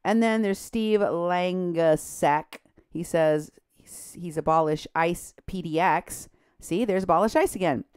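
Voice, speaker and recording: A woman's voice: on the low side, measured pace, clean tone, no echo, studio quality. A woman talking on a radio show in a heated, indignant way, reading posts aloud with scorn and her voice climbing toward outrage. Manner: indignant, agitated, rising to near-shouting outrage; reads social media posts aloud with scorn. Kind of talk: heated talk radio commentary.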